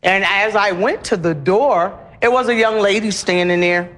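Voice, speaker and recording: A woman's voice: mid-range voice, normal speed, a bit bright. A woman playing an indignant wife in a staged courtroom comedy sketch, telling her side dramatically. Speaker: wife in a mock divorce court.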